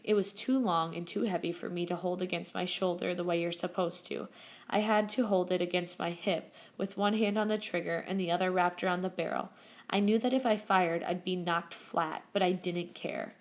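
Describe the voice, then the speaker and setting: A woman reading a novel aloud as first-person narration, steady, with small self-corrections. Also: on the low side, moderate pace. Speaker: reader. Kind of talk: audiobook narration.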